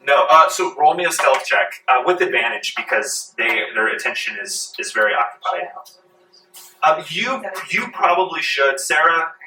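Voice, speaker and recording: Man game master, gravelly, bright tone, echoey room, distant mic. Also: on the high side, lively intonation, moderate pace. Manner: descriptive with many fillers. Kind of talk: narrating a tabletop game. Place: library meeting room.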